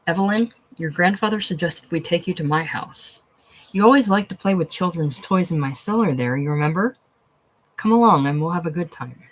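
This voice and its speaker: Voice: medium pitch, lively intonation, a little fast, a bit bright, low-quality recording. A reader doing a fussy, polite old man. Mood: flustered. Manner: genteel, flustered.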